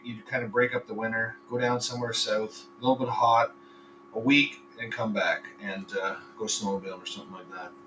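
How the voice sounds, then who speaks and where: Recorded on a computer microphone that sounds distant against a noisy background, a man with a mid-range voice hosts a casual live podcast. He rambles between topics, swears freely and tells crude jokes.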